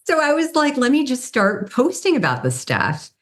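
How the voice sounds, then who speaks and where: A woman in her fifties, a guest on an interview podcast, telling stories casually and acting out the people she quotes. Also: normal speed. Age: 50s. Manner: animated, acts out quoted people with pitch jumps. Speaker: guest, brand strategy consultant and model.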